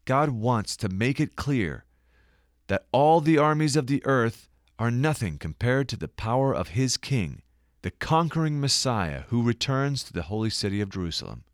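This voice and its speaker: A man giving scripted Bible-teaching narration, reading scripture dramatically and citing verses more quietly. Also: mid-range voice, big pitch swings, normal speed, no room sound, studio quality.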